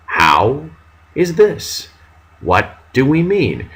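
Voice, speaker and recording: Low-voiced man giving a slow history lecture. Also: animated, a bit bright, poor audio. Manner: dramatic, reads quotes with mock outrage. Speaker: history teacher.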